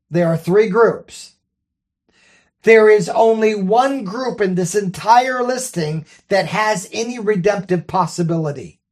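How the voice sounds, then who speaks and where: A Bible study teacher reads scripture and carefully walks through its grammar step by step, often checking in with listeners. The voice is medium-pitched and a little mellow.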